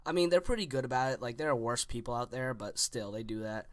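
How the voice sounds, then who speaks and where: A man's voice: mid-range voice, expressive, quick pace, a bit bright, dry recording, clean studio sound. A young man in his teens casually telling a story, rambling with lots of "like" and restarts.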